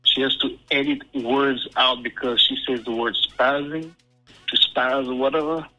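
Bright-voiced man on dull lo-fi audio. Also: medium pitch, fairly even intonation, a little slow, soft background music. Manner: loose, rambling. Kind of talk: casual chat.

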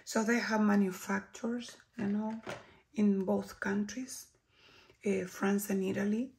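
Chilean woman reviewing makeup, Spanish-accented English, unhurried with a gravelly edge, slips into soft whispers. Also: mid-range voice, steady tone, a little hiss or hum. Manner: slow, lingering, drops to soft whispers when admiring products. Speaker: beauty vlogger. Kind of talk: product review and tutorial.

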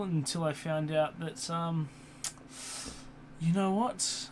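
A man's voice: a little high, steady tone, takes it slowly, long pauses. Rambling, cursing young man over fan hum. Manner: swears often, many fillers and restarts. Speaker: YouTuber. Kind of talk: casual rambling vlog. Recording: computer fan hum in background.

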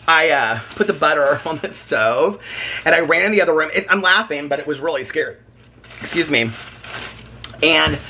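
A man vlogging in his home kitchen, chatting in a rambling, animated way and laughing often. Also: mid-range voice, slight background noise. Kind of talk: casual chat.

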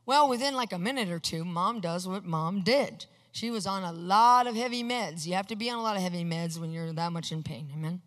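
A woman preaching a testimony sermon, telling her story with energy, acting out each exchange and bursting into excited shouts. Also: lowish voice, fairly quick, hardly any pauses. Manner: animated storyteller acting out dialogue. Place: large hall with a screen. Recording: long hall reverb.

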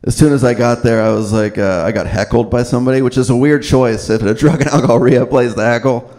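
Male stand-up, gravelly, deadpan storyteller, live club set on a stage mic. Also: mid-range voice, quick pace. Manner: deadpan storytelling, swears, acts out other voices. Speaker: stand-up comedian. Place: comedy club stage before a live audience.

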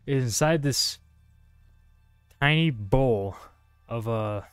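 A man's voice: mid-range voice, expressive, slow, clear, resonant tone, no echo, clean studio sound, soft background music. A male streamer giving casual gameplay commentary, joking and swearing while talking to his chat. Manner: joking and profane, talks to chat.

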